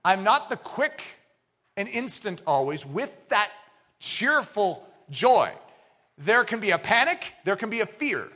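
A middle-aged man preaching a sermon, swinging between hushed asides and shouted exclamations. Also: high-pitched, sing-song, measured pace.

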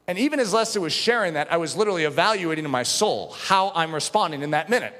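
A man preaching a sermon as pastor, impassioned, dropping to a hush and rising to shouts. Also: a little high. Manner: impassioned, swings from hushed to shouting. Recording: long hall reverb.

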